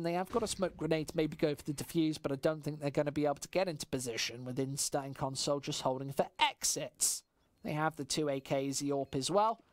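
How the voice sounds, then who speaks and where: Excitable West Midlands woman caster. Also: fairly low pitch. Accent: West Midlands English. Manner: swings from relaxed chat-reading to shouting excitement at big plays. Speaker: esports caster. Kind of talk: solo play-by-play commentary on a stream.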